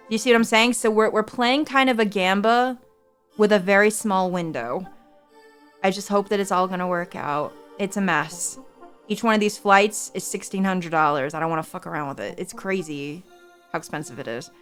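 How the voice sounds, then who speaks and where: A woman's voice: medium pitch, a bit bright, smooth. A young woman streaming, chatting casually with her viewers in an anxious, rambling way, often repeating herself. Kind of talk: casual livestream chat.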